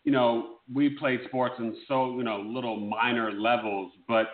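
A man's voice: medium pitch, level tone, unhurried. Male co-host, echoey room, phone-like audio, eager long-winded questions. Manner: enthusiastic, rambling questions. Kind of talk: talk show interviewing. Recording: echoey room over a tinny line.

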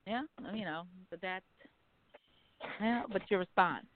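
A woman's voice: mid-range voice, a little slow, no echo. Frank, profane woman on a phone line. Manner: frank, profane, animated storytelling. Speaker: host. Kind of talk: casual radio talk.

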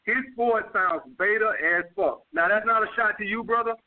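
A blunt, profane man with a New York accent hosts a call-in dating advice show. He speaks in a fairly high voice and keeps repeating his points. The sound is thin and tinny, like a phone line. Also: moderate pace. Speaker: dating coach host.

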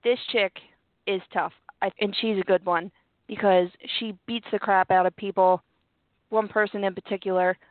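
A woman's voice: medium pitch, moderate pace, no room sound. Chatty woman on a tinny line. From Philadelphia. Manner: animated, laughs often, chatty. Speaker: co-host. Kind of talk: casual chat. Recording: tinny phone-like line, dry.

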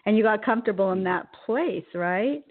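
A woman's voice: medium pitch, animated, normal speed, slight background noise. Enthusiastic woman host on a phone line. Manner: enthusiastic and affirming. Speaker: podcast host. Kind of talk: conversational interview.

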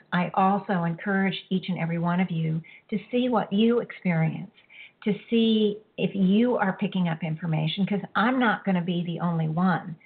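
A woman leading a guided spiritual healing, speaking softly and emotionally, with halting pauses and a husky voice. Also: fairly low pitch. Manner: soft, emotional, halting, tearful at times. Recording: tinny phone-like line.

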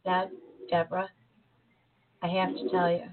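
A woman putting on a slow-drawling Southern doctor. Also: on the low side, completely flat delivery, noisy background, voice pushed down, lightly acted. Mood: gently chiding. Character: slow-drawling older Southern man doctor, gentle and frank. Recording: tinny phone-like line.

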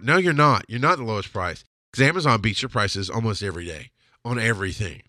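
A man's voice: on the low side, animated, a little fast, bright, forceful tone, dry recording, studio quality. A man hosting a podcast, delivering a blunt, heated, profane solo rant. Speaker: podcast host. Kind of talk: ranting solo monologue.

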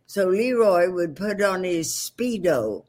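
A woman's voice: lowish voice, expressive, takes it slowly, darkish tone. An older woman, a veteran stage actress, telling bawdy, wisecracking stories on a video call from her home. She rambles with fillers as she goes. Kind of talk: casual storytelling on a video call.

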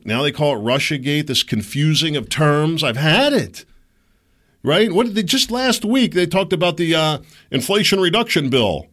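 A man's voice: medium pitch, a bit bright. A middle-aged man hosting a solo podcast, rambling and opinionated, with sarcastic asides. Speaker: podcast host.

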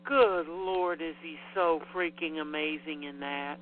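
High-voiced man on a humming phone line. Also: fairly even intonation, measured pace. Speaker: podcast co-host. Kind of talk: casual chat. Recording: tinny phone line with hum.

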